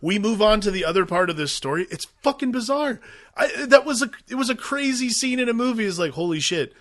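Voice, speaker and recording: A man's voice: sits high, animated, brisk, a bit bright, no room sound. A man co-hosting a casual movie podcast, musing loosely about films with lots of "like" and restarts. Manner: loose, filler-heavy musing with many "like"s. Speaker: podcast co-host.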